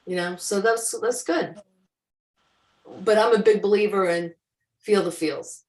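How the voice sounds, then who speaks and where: A woman's voice: medium pitch, a little slow, darkish tone. A woman on a video call chatting casually about spiritual growth in a reflective, meandering way, acting out her own inner thoughts. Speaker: co-host. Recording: echoey room, distant mic.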